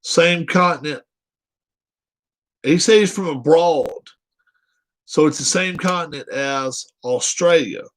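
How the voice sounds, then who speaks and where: A man's voice: on the high side, slow, pauses often. A man hosting a casual live chat show, reading viewer comments aloud and teasing them with frequent laughs.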